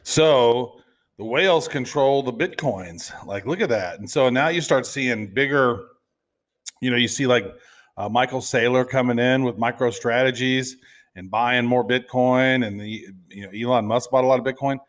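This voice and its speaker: A man's voice: medium pitch, normal speed. A man co-hosting a crypto show, chatting casually in a rambling, playful way. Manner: rambling, full of fillers and restarts, playful. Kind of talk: casual chat.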